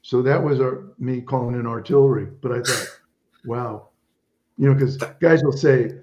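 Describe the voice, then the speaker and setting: Through audio with the highs cut off, a mid-range male voice speaks at a moderate pace. He is a guest in his seventies, a Vietnam veteran and author, who rambles through stories in a casual chat and often starts over.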